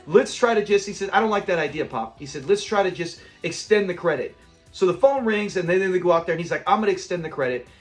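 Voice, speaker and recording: A man with a high voice gushes through an episode breakdown, slipping into the characters' lines as he recaps. Faint music sits under his talk. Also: lively intonation, quick pace. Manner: enthusiastic, acts out quoted lines. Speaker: channel host.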